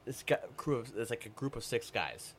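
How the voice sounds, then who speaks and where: A man's voice: mid-range voice, animated, moderate pace, slight background noise. A man telling a long story in a rambling, profane way during a casual podcast chat. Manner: rambling, profane, retells stories in quoted voices. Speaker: podcast guest.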